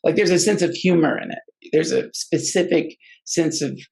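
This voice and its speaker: A man's voice: fairly high pitch, creaky, a little mellow, rough recording. A man telling a personal story in a casual, rambling way, often stopping and restarting his sentences. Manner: halting and rambling, many restarts. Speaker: guest storyteller.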